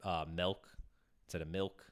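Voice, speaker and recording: A man's voice: lowish voice, animated, a little fast. A man co-hosting a casual podcast chat, rambling with many restarts and fillers. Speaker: podcast co-host.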